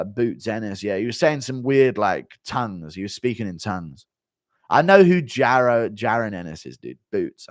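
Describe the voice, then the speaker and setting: A man hosting a live stream, talking bluntly and swearing freely as he rambles through fight takes. His pitch jumps around a lot, and he is recorded close on a dry mic. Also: no echo. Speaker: livestream host reading viewer donations. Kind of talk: casual profane live-stream commentary.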